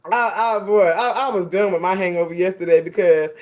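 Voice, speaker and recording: A woman's voice: lowish voice, steady tone, brisk, a little mellow. A woman hosting a casual commentary vlog, sassy and dramatic, full of slang. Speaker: host.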